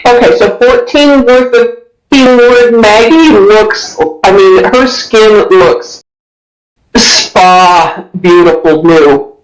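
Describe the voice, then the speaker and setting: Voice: medium pitch, takes it slowly, soft background music, rough recording. Chatty dungeon master narrating. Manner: descriptive, with frequent restarts. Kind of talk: narrating a tabletop game.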